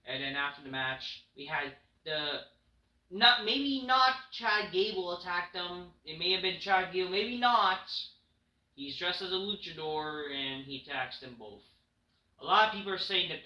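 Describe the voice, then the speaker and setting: A man's voice: high voice, expressive, unhurried, pushed and bright. A man reviewing a wrestling show in a casual, profane rant, blunt and dismissive. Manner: blunt, dismissive, frequent swearing. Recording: roomy echo.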